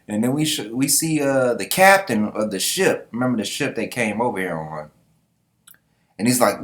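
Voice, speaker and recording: A man's voice: on the low side, big pitch swings, moderate pace. A man giving a casual, slangy, profane comic-book reaction, laughing often. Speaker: manga reviewer.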